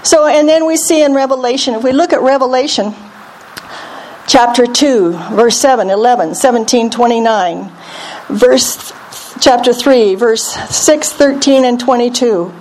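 A woman preaching a sermon, animated and leading the congregation to repeat scripture back to her. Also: a little high, unhurried, slight background noise. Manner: lively, calls on the congregation to repeat.

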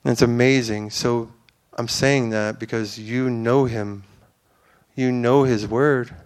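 Earnest, smooth-voiced man preaching. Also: mid-range voice, fairly even intonation, takes it slowly. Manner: earnest, rambling, many fillers and restarts. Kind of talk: informal sermon.

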